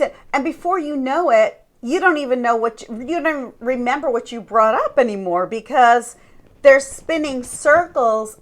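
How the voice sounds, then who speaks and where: Woman, coach, earnest teaching talk, emphatic, slow delivery. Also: on the high side. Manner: earnest, emphatic, addresses listeners directly. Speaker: life coach.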